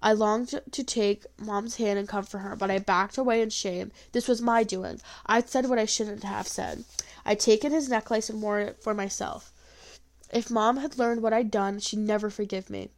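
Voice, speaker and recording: A woman reading a first-person folk tale aloud, expressive, with small slips and restarts. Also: mid-range voice, moderate pace.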